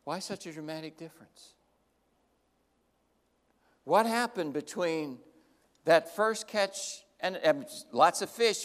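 A high-pitched male pastor delivering a sermon with lively, dramatic storytelling. He acts out the characters' lines in changing voices. His voice rings with a long reverb, as in a large church sanctuary. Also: slow pace, long pauses.

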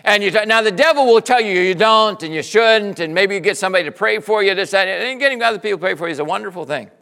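A man preaching a sermon as pastor, swinging between hushed lines and loud shouted bursts, acting out his listeners in quotes. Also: high voice, fast talker, vocal fry. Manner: acts out listeners' voices in quotes.

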